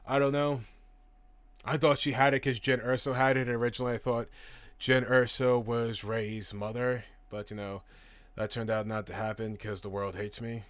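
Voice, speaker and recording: A man's voice: mid-range voice, level tone, moderate pace, no echo. A man hosting a casual live stream, reading out and answering chat questions in a chatty, profane way, laughing easily.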